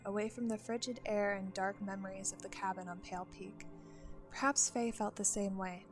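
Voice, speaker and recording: A woman narrating a first-person tale in a steady, measured reading voice. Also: medium pitch. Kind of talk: storytelling narration.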